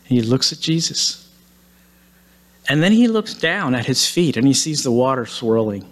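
A man's voice: mid-range voice, a little slow. Man retelling a story in a sermon. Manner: lively retelling, casual asides. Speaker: preacher.

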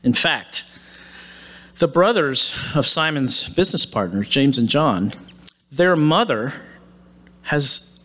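A male preacher telling a Bible story during a sermon. He keeps it lively and casual, with relaxed asides to the listeners, at a mid pitch for a man. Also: slow, pauses often.

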